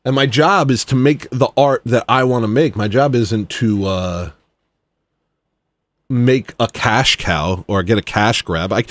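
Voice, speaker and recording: A man, an independent musician, ranting heatedly, swinging from low grumbling to loud exclamations. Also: measured pace, dry recording. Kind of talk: ranting monologue.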